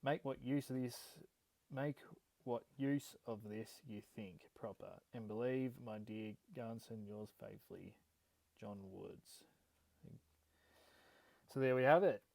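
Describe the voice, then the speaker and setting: An Australian man talks through a gold prospecting vlog in a casual, halting way, reading an old letter aloud. His voice is gravelly and mellow. The sound is close and dry. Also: medium pitch, steady tone, no echo, rough recording. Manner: casual, hesitant, many ums and restarts.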